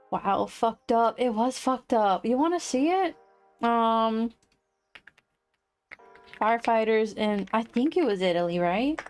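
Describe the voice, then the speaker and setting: A woman livestreaming casual chat, rambling and quick to laugh. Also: a little high, expressive, darkish tone, faint music behind. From United States.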